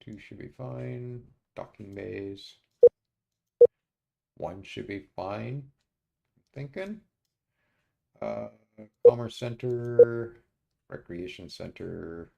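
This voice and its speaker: A man streaming a strategy game, muttering his moves to himself and often pausing with uhs. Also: on the low side, gravelly, mellow. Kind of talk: casual let's-play commentary.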